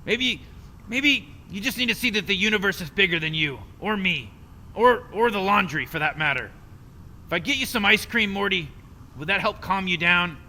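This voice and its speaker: A man's voice: high-pitched, expressive, normal speed, bright, forceful tone, full character voice. A man voicing a cynical, scheming mad scientist grandfather in a video game, rambling in a dismissive, condescending way. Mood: placating. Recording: game audio with long reverb and faint noise.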